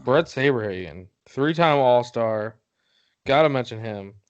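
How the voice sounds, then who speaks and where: A man co-hosting a casual podcast, reeling off sports numbers between easy laughs. His voice is smooth and resonant at a middle pitch. The recording sounds dull and lo-fi. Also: lively intonation, unhurried. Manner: rattles off baseball stats, laughs easily. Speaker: podcast co-host. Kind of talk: casual chat.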